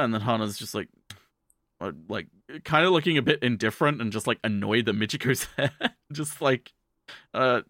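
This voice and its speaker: A man casually recapping an anime plot for a podcast, jumping into quick character voices as he goes. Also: fairly low pitch, no room sound, studio quality. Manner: animated, acts out characters' lines in quick voices.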